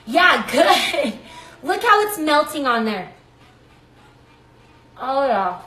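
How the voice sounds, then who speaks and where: A woman's voice: high voice, sing-song, extremely slow, bright, forceful tone, a little hiss or hum. A woman hosting a live cooking demonstration from her home kitchen, chatty and effusive, often breaking off mid-sentence. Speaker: cooking show host. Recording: echoey kitchen. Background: baby crying.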